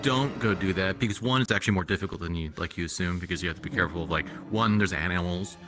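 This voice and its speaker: A man's voice: deep voice, fast talker, music in the background. A young man chatting casually on a live stream, rambling and swearing offhandedly.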